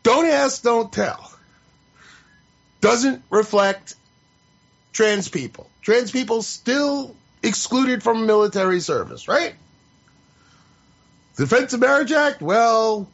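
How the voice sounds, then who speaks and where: Man, podcast commentary rant, high-pitched, very animated, sarcastic, swears a lot, muffled lo-fi sound. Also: vocal fry. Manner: exasperated, profane, sarcastic. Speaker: podcast host. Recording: slightly muffled lo-fi audio.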